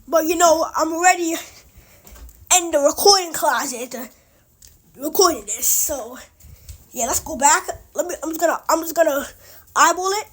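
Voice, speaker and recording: A woman's voice: high-pitched, normal speed, pauses often, fairly bright tone. A woman casually narrating a made-up story from a small recording closet, rambling with chatty asides.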